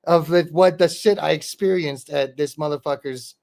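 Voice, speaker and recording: Casual, profane storytelling from a podcast host and rapper who keeps saying "dude" and "bro" as he rambles. His slightly high voice is creaky and a little mellow, delivered at normal speed.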